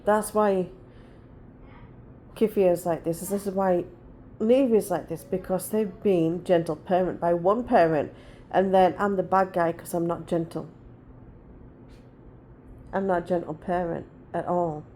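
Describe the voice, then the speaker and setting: A woman's voice: lowish voice, steady tone, measured pace, long pauses, warm tone, a little hiss or hum. A woman in her forties chatting casually to her viewers, blunt and rambling as she tells stories. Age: 40s. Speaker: vlogger. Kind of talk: casual chat.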